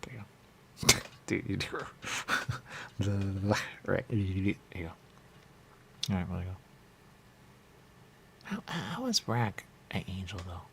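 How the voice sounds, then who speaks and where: Low, gravelly-voiced radio host. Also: male voice, a bit bright, slight background noise. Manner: rambling, repetitive wordplay. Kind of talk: loose comedic studio banter. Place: radio studio.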